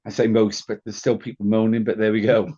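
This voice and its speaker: A man's voice: fairly low pitch, little pitch movement, a little fast, warm tone, breathy edge, highs cut off. A man co-hosting a casual football podcast, hesitant and chuckling, with many fillers. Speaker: podcast co-host.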